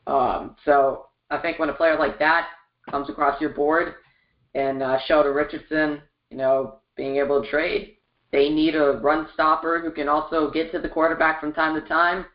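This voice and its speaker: A man's voice: fairly high pitch, level tone, normal speed, roomy sound, highs cut off. A man co-hosting a casual sports podcast, giving confident, emphatic opinions. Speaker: co-host.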